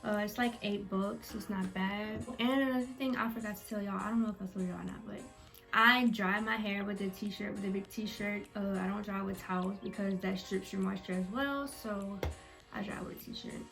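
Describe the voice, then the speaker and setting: A woman's voice: mid-range voice, fairly even intonation, normal speed, creaky, a bit bright, soft background music. A young woman chatting casually to her viewers as she walks them through her hair-care routine. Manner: chatty, talks straight to viewers. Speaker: beauty vlogger.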